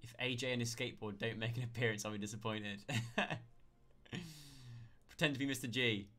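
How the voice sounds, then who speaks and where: A man's voice: mid-range voice, moderate pace, sharp tone. Chatty man live-streaming. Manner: chatty, thanks viewers by name. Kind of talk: casual live-stream chat.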